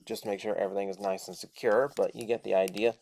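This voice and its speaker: A man's voice: on the low side, flat delivery, fast talker, gravelly, darkish tone. A man casually reviewing a toy, chatting and thinking aloud as he transforms it step by step.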